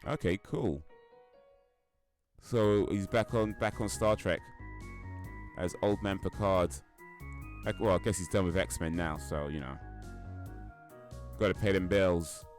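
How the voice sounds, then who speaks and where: A man's voice: low-pitched, slow pace, pauses often, a little mellow, soft background music. A man streaming a game, chatting casually and rambling as he answers questions from chat.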